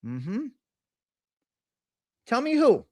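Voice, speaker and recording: A man's voice: extremely high pitch, wildly swooping pitch, extremely slow, no room sound, studio quality. A man hosting a casual live stream, talking bluntly with a lot of profane trash talk. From Italian American. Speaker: host.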